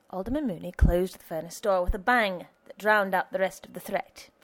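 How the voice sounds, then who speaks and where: A woman narrating an audiobook in an even, measured storytelling manner. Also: medium pitch.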